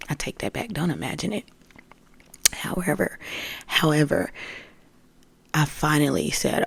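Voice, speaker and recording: A spiritual podcast host telling a story in a casual monologue, calling listeners "family" and swinging between loud outbursts and hushed whispers. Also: mid-range voice, animated, normal speed, gravelly, pauses often, slightly rough, dry recording. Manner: addresses listeners as family, streetwise slang.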